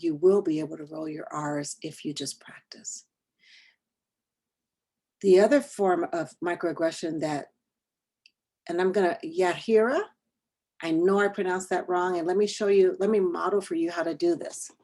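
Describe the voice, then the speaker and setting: A woman giving an online training presentation in an earnest, deliberate way, speaking over a video call and trailing into a soft near-whisper at the end of her points. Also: lowish voice. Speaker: workshop trainer.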